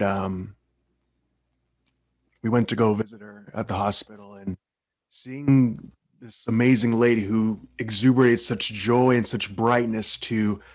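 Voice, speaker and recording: Earnest young man, gravelly low voice. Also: no room sound. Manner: heartfelt, earnest storytelling. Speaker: Toastmasters speaker. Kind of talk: personal tribute speech.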